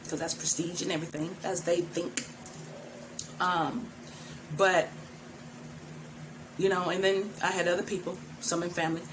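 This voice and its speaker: A woman's voice: on the low side, flat delivery, normal speed, long pauses. A middle-aged woman who teaches tantra, talking frankly to her viewers and laughing often. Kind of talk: direct-to-camera talk. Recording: noisy background.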